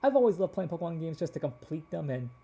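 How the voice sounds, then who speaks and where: A man hosts his gameplay video in a loose, rambling way, restarting his sentences as he goes. His voice is very dark and mellow but sits a little high. By now it has turned slightly hoarse. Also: sing-song, fast. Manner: rambling, with frequent restarts and fillers. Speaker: gaming channel host.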